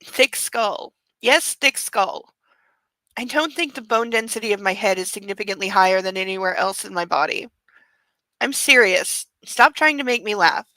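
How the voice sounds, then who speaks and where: A woman's voice: mid-range voice, moderate pace, bright, forceful tone, no room sound, rough recording. A woman hosting a podcast who reads a book aloud and breaks off for wry, sarcastic commentary, recorded on a close home mic. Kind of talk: comedic reading with commentary.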